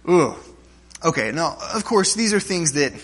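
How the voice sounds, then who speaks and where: A pastor with a somewhat high, husky voice preaches in a church. He talks casually and tells funny stories, often asking his listeners "right?" and starting phrases over as he goes. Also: lively intonation, measured pace. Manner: conversational, checks in with listeners with "right?"; humorous stories, frequent restarts. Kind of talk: sermon.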